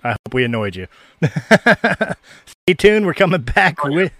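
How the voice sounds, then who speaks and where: A man's voice: fairly high pitch, fairly bright tone, no echo. A man hosting a podcast, laughing and telling a joke in a loose, casual way from the back of a bus. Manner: laughs a lot, loose and joking. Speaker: podcast host.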